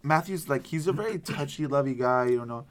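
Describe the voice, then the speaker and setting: Over a loud crowd, a young podcast host tells a story in casual chat, his mid-range voice lively and fairly quick. He rambles with lots of fillers like "like" and "dude," and acts out what people said.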